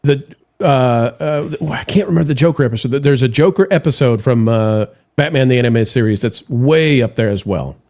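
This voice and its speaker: A man's voice: mid-range voice, brisk, hardly any pauses, a little mellow. A man hosting a casual livestream, chatting about superhero movies and reading viewer messages aloud. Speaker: podcast host reading super chats.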